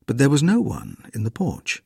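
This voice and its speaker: Gravelly-voiced man narrating a ghost story. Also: medium pitch, huge pitch swings, moderate pace, darkish tone, no room sound, clean studio sound.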